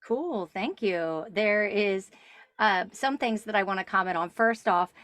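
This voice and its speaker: A woman podcast host responding thoughtfully in casual chat, with a measured way of talking. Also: mid-range voice, lively intonation, fairly bright tone, no echo.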